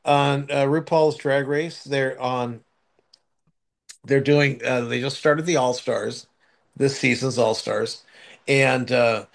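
A man's voice: medium pitch, fairly even intonation, slow pace, vocal fry. An older man chatting casually as a co-host, telling a long anecdote with many restarts and fillers. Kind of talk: casual chat.

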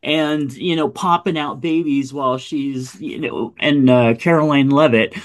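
A man in casual conversation, voice sitting in an ordinary middle register. He talks with animated exasperation, swears freely and often trails into asides. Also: medium pitch, measured pace. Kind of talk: casual political chat.

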